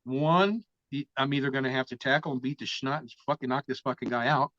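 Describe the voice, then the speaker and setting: A man's voice: mid-range voice, fairly even intonation, brisk, a bit bright, no room sound. A man telling a story as an interview guest, casual and full of swearing. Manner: profane, vivid storyteller. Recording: dull, dry lo-fi sound.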